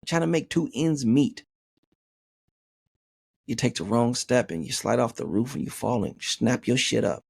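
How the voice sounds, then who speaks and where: A man's voice: medium pitch, unhurried, gravelly, pauses often, breathy edge, no room sound, studio quality. A man hosting a podcast, reading a listener's email aloud and riffing on it in a joking, profane way, saying "man" constantly. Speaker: podcast host.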